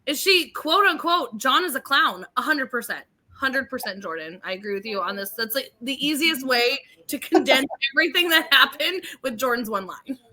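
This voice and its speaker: A woman's voice: sits high, lively intonation, moderate pace, few pauses, sharp tone. A woman co-hosting a reality show podcast, chatting animatedly, laughing often and restarting her sentences. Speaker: podcast co-host. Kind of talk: casual chat.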